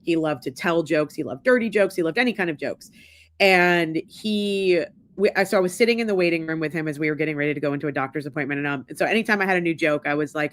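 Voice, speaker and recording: A woman's voice: fairly low pitch, fast talker. A woman in her forties co-hosting a podcast, telling a family story in casual chat and acting out the quotes. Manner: animated storyteller, acts out quotes. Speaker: podcast co-host.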